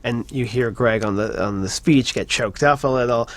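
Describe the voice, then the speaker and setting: A man's voice: medium pitch, normal speed. A man in an interview, thoughtfully recalling a farewell speech. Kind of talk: interview reminiscence.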